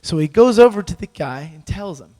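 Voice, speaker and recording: A man preaching, telling a story with lively acted-out dialogue and frequent laughter. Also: high voice, brisk. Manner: animated storyteller, acts out dialogue, laughs often. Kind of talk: sermon storytelling. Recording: echoey hall with long reverb.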